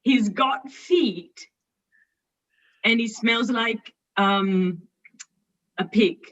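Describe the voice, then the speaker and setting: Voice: mid-range voice, extremely slow, fairly bright tone, no room sound, muffled recording. A performer playing a giggly, needy party host Fred. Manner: giggly, rambling, showy. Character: vain, needy male nephew host Fred. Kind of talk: drunken improv stage comedy.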